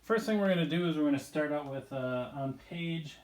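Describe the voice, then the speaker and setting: A man's voice: fairly high pitch, brisk. Casual male biology teacher, echoey room. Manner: casual, rambling, drawing while explaining. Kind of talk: recorded video lesson.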